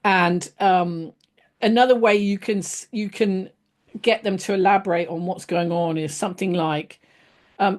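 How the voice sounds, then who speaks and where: A woman teaching a casual lesson on leadership, chatty, with many fillers and restarts, acting out sample phrases in a gentler voice. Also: mid-range voice, steady tone, a little slow. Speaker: leadership trainer.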